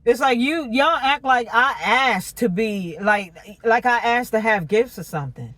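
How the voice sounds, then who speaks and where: Animated slangy woman reading tarot cards. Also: a little high, measured pace, dry recording. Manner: animated and slangy, laughs and curses. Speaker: tarot reader. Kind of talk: casual tarot reading monologue.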